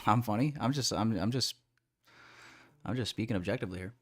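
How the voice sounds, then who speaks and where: A man's voice: lowish voice, brisk, faint music behind. A young man hosting a trading livestream, ranting casually and profanely at his chat with big swings in energy.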